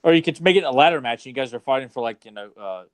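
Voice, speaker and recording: A man's voice: medium pitch, lively intonation. A man co-hosting a casual podcast who teases the others with dry humor. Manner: teasing, quick, dry humor. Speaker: podcast co-host.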